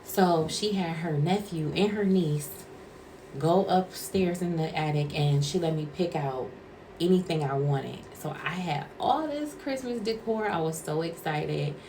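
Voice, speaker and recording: Woman with a really low voice just chatting, rambly storytime, bit of faint noise behind. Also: measured pace, mellow. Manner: rambling, conversational, acts out quotes. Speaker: former caregiver, vlogger. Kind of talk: casual storytelling vlog.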